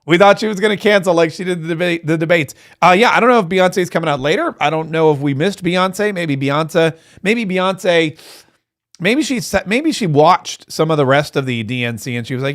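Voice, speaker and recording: A man hosting a live political reaction stream, talking in a sarcastic, mocking and excitable way. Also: a little high, fairly quick. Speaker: political commentator host.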